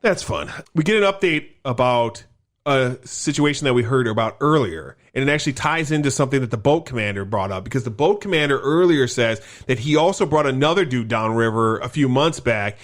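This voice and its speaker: A man co-hosting a podcast, casually recapping a movie scene by scene with lots of swearing and quick acted-out quotes. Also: medium pitch. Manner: profane, animated storytelling with acted quotes. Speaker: podcast co-host.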